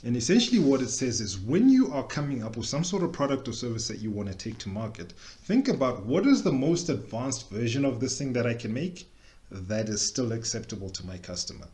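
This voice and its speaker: A man's voice: mid-range voice, sing-song, a little mellow. Chatty man explaining. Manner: chatty, joking asides, quick tangents. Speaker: workshop presenter. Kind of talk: casual explanatory talk.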